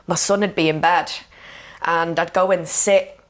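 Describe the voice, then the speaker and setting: A woman who works as a coach appears as a podcast guest, telling a personal story frankly and with emotion, her speech full of "like" and "you know." Her voice is fairly low with a steady tone, and she talks a little slowly in this candid, conversational storytelling.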